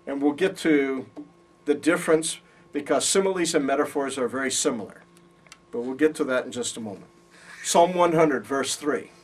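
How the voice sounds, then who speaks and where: The speaker is a man with a husky, mid-range voice at normal speed, teaching a Bible college class. He explains patiently and checks in with students, and he's recorded from a distance in the classroom.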